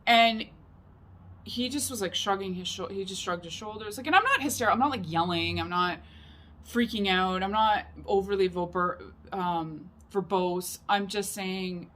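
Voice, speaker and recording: A woman's voice: mid-range voice, normal speed, fairly bright tone, slight background noise. A woman vlogger telling a personal story to camera, rambling and emphatic, with many fillers. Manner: rambling and emphatic, heavy use of "like".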